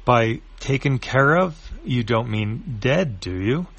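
A man's voice: mid-range voice, big pitch swings, moderate pace, slightly rough, pitched above the performer's own voice. A man voicing an earnest, worried young woman in a comic, speaking in an anxious, pleading way.

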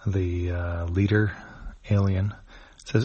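Man, low voice, reading a comic aloud, unhurried, describes each panel. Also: steady tone, lo-fi sound. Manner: unhurried, with frequent fillers and restarts. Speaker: comic strip reader.

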